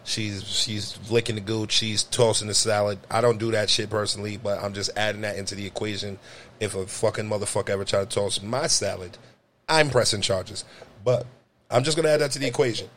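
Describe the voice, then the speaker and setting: A man's voice: fairly low pitch, steady tone, fairly quick, fairly bright tone, slight background noise. A man co-hosting a casual podcast chat, blunt and profane, telling stories animatedly. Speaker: podcast co-host.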